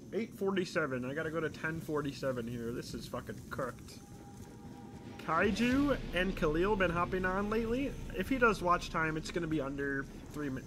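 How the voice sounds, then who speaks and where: A man's voice: on the high side, background noise. A male livestreamer chatting casually and reading chat aloud while gaming. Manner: laid-back, chatty, reads chat aloud. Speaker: livestream gamer.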